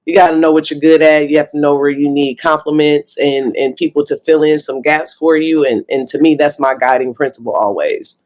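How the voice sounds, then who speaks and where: A woman's voice: low voice, fairly even intonation, brisk, few pauses, darkish tone. A woman in her forties, a basketball coach, giving earnest, reflective interview answers with easy laughs.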